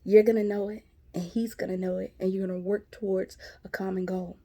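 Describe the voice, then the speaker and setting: Black woman telling y'all a story, warm mellow voice, laughs a lot. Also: mid-range voice, level tone, fairly quick. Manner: chatty, laughing, addresses viewers as y'all and sis. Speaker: vlogger. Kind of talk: casual storytelling to viewers.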